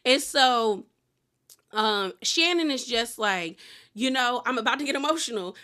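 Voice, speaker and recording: A young adult woman with a bright, forward voice talks through a reality TV episode in a relaxed, chatty way. She is opinionated and retells the scenes with quoted lines, never stiff or scripted. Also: on the high side, moderate pace. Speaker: reality TV recap commentator. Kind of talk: casual recap commentary.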